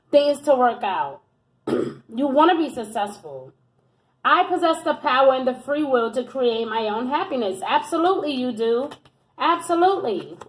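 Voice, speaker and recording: A woman with a high, light voice reads tarot cards for her viewers. She talks in an affectionate, encouraging way and keeps checking in with "okay?" and "my love.". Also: rough recording. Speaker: tarot reader. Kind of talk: tarot reading monologue to camera.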